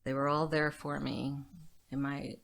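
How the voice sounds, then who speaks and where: A middle-aged woman, a podcast guest, telling her life story candidly and often dropping to a soft near whisper. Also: very deep voice, little pitch movement, measured pace, gravelly.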